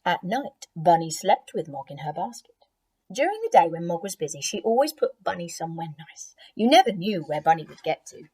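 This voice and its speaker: Woman, teacher, storybook read-aloud, gentle, lively pitch, low mellow voice. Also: a little fast, slightly rough. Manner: expressive, gentle, chatty asides to children. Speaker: primary school teacher reading aloud. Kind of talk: children's storybook reading.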